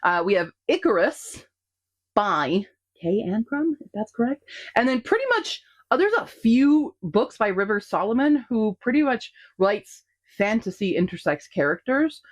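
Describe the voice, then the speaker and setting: A woman's voice: medium pitch, animated, unhurried. A woman vlogging casual book recommendations to camera, chatty and upbeat with frequent ums and asides.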